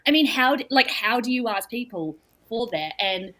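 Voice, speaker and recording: A woman's voice: on the high side, animated, moderate pace, pushed and bright. A young woman talks as a podcast guest. She tells her story candidly, with a humorous, conversational edge. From New Zealand. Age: young adult. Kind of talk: casual podcast chat.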